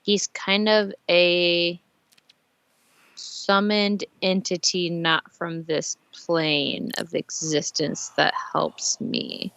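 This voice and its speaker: A woman's voice: fairly low pitch, flat delivery, extremely slow, gravelly, a bit bright, no echo. A woman playing a tabletop role-playing game, speaking hesitantly with many fillers and restarts. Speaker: player. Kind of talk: tabletop role-play over voice chat.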